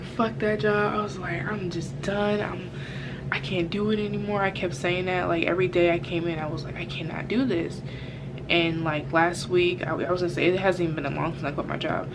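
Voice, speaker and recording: A woman's voice: lowish voice, fairly even intonation, brisk. A young woman telling a casual storytime vlog, rambling with lots of fillers and frank cursing. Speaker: vlogger. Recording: background noise.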